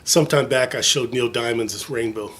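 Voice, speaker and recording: A man's voice: mid-range voice, normal speed, a bit bright, slight background noise. A man chatting casually to his viewers as he shows off records from his collection, rambling and joking at his own expense, with plenty of fillers. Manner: rambling, chatty, self-mocking, many fillers. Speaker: vinyl collector vlogger. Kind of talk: casual show-and-tell chat.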